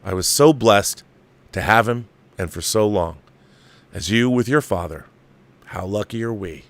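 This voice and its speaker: A man's voice: lowish voice, expressive, measured pace, no echo. A man hosting a show, casually reading a viewer's letter aloud and breaking in with his own asides. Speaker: host reading viewer mail. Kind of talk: casual chat.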